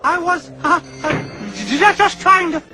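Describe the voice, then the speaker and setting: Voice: very high voice, animated, moderate pace. A performer voicing a timid, meek male clerk who stutters nervously in a cartoon clip. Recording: loud music behind cartoon clip.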